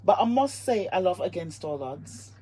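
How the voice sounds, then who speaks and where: Lady hosting a live interview, husky voice, gushing and emotional, keeps repeating herself. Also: lowish voice, sing-song, normal speed, mellow. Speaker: host.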